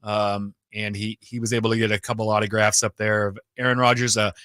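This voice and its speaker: A man's voice: fairly low pitch, level tone, fairly quick, a bit bright, no echo. A man co-hosting a sports radio show, talking casually and rambling with frequent fillers. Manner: chatty, rambling, lots of fillers. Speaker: radio co-host.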